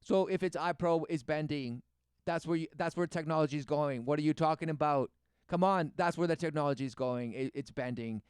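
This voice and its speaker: A man preaching over a clip in a rambling, sarcastic way, circling back to the same words again and again. His voice is smooth and resonant, recorded dry and close with no room around it. He keeps throwing out rhetorical questions and answering them himself. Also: fairly high pitch, brisk, a little mellow, no room sound. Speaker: commentator reacting to a video. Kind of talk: rambling religious commentary.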